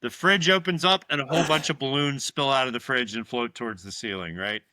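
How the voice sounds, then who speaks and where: A male podcast co-host walks through the scenes of a horror film. His very bright, sharp voice keeps the story moving. He often pauses to check that his listener agrees. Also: mid-range voice, no room sound. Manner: animated storytelling, quick asides seeking agreement. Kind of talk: casual horror film recap.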